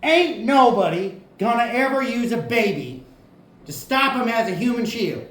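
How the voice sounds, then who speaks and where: A man doing a huge, gruff male platoon sergeant with a thick South Carolina accent, in an echoey room. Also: extremely high pitch, animated, moderate pace, a bit bright, voice pushed up. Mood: scornful.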